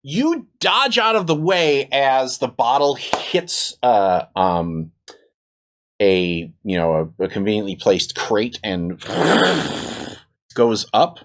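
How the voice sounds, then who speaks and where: A game master narrating a tabletop game, animated and acting out sound effects. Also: medium pitch, slow.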